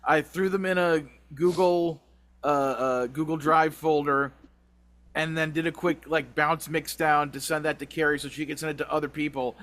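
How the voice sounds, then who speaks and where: A man co-hosting a podcast, telling a long story in a rambling, animated way with frequent laughs. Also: a little high, moderate pace. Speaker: podcast co-host. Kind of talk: casual chat.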